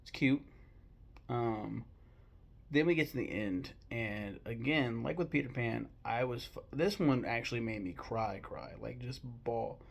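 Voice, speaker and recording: Young American guy, gravelly, mid-pitched, blunt and sweary, casually ranting about movies. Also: a little slow. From United States. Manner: blunt, profane and rambling, with bursts of mock outrage. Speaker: host ranking films. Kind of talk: casual opinion talk.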